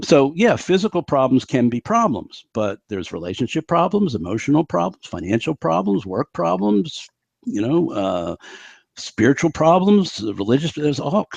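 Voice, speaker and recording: An older man, a physician, talking in an interview, animated and telling stories with frequent restarts. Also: mid-range voice, gravelly, no room sound, lo-fi sound. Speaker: physician guest. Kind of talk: interview conversation.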